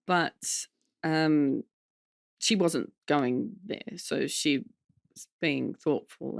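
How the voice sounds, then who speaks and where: An Australian woman comedian, a guest on a candid podcast, tells lively stories and often slips into impressions of other people. Her voice is low and gravelly, recorded dry with studio quality.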